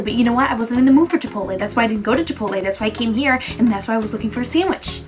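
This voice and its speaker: A woman's voice: rapid-fire, hardly any pauses. Chatty New woman, music behind. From New Jersey. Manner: animated, frequent "like", acts out quotes in a higher voice. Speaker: beauty vlogger. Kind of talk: casual storytelling chat.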